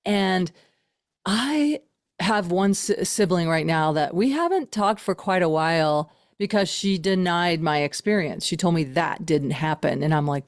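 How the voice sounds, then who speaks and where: A woman's voice: fairly low pitch, unhurried, no echo, clean studio sound. A woman hosting a podcast interview, affirming her guest with brief interjections and sharing her own recovery experiences. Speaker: podcast host and recovery coach.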